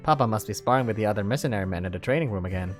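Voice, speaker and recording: A man's voice: lowish voice, animated, very fast, faint music behind. A man reading a visual novel aloud, breaking off for jokey asides and laughter. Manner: laughs often and breaks off to crack jokes. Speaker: narrator and commentator.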